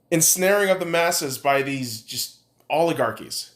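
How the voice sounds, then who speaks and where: A man's voice: a little high, lively intonation, measured pace. A man hosting a podcast, ranting in a heated, sarcastic, swear-filled monologue. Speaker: podcast host. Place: room in Nevada. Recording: echoey room.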